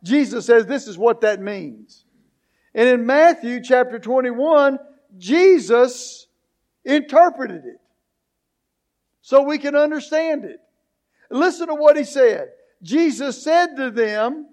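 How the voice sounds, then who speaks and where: Male pastor, very high voice, slow deliberate sermon delivery with emphatic peaks. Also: animated, a little mellow. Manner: preaching, rising to emphatic questions, slow deliberate phrasing.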